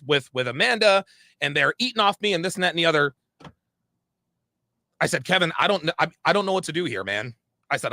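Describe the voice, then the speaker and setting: A man retells a past dispute in a lively, gravelly voice that swings widely in pitch. He is emphatic and often repeats and restarts his phrases. The sound is close and dry. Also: no echo. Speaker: podcast guest recounting a story. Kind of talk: animated storytelling.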